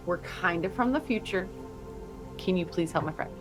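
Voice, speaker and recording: A woman playing a tabletop game, asking eager, quick questions. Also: on the low side, music in the background. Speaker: player.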